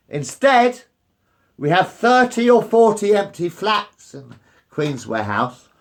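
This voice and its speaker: A man, ranting angrily and repetitively with lots of swearing. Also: on the high side. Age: 50s. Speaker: resident facing eviction. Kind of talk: angry rant to camera.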